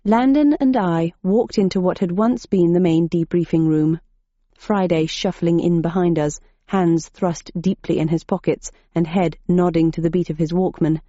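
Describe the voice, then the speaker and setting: A woman reading a novel aloud as a narrator, in a dry, measured manner. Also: fairly low pitch, steady tone, dark tone, no room sound. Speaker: audiobook narrator. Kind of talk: scripted narration. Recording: dull muffled audiobook recording.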